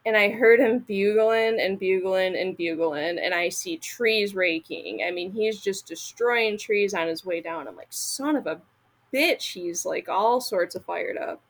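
A woman from Michigan tells a story as a podcast guest, casual and blunt, with frequent swearing. Her voice has a gravelly fry, and she acts out the lines people said. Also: medium pitch, unhurried, hardly any pauses.

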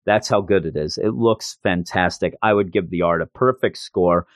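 A man co-hosting a podcast, recapping a comic issue in casual chat and switching into goofy high voices when quoting characters. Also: normal speed, no echo, studio quality. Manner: animated retelling, jumps into high goofy voices for quotes. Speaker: podcast co-host reviewing comics.

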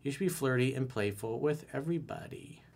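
Blunt, animated man coaching on dating. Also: medium pitch, a little fast, creaky. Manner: blunt, animated, acts out lines with sudden soft asides. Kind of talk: reading and reacting to a listener's letter.

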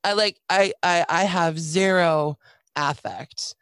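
A middle-aged woman telling a painful personal story in a candid, halting way, with many restarts and dry, wry asides. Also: on the low side, fairly bright tone, clear, resonant tone, dry recording. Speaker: guest sharing a personal story.

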